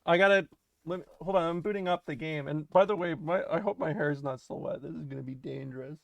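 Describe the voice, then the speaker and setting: A woman's voice: low-pitched, quick pace, creaky, no room sound, dull audio. A woman streamer in casual livestream chat from a home setup, rambling, swearing and interrupting herself with frequent laughs.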